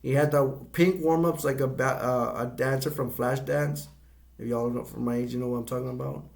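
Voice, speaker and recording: Middle-aged guy with a gravelly voice, rambling movie review, keeps stopping and restarting. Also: medium pitch, steady tone, a little mellow. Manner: rambling and halting, full of restarts and fillers.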